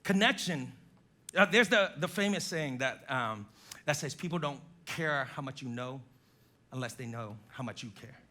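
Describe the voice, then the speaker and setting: Pastor guy preaching in church, real animated, swoops all over, acts out what couples say. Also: mid-range voice, moderate pace. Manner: animated, acts out spouses' quotes. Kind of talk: sermon.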